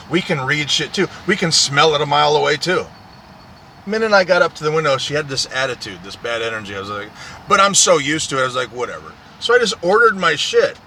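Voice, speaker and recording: A man who drives a truck rants in a profane, repetitive, aggrieved monologue. His voice is bright and sharp, with pitch that swings up and down a lot. Faint street and vehicle noise sits behind him. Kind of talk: ranting monologue.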